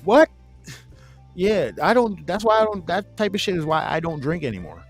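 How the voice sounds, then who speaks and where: A man's voice: sits high, big pitch swings, normal speed, soft background music. A man in his forties hosting a casual chat, telling a rambling, profane story and acting out his friends' lines with a laugh. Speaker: podcast host.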